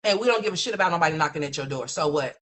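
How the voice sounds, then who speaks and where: A woman's voice: low-pitched, animated, rapid-fire, fairly bright tone. A woman hosting a livestream, ranting in a blunt, mocking, profane gossip commentary full of rhetorical questions.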